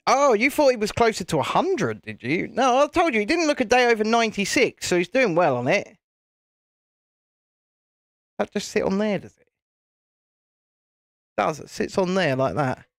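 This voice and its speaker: Man, live-stream host, chatty, laughs a lot, casual swearing, lively swooping voice, dry close sound. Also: high voice, a little slow, long pauses, no echo. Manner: chatty, laughs often, mild swearing, restarts. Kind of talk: casual live-stream chat while building.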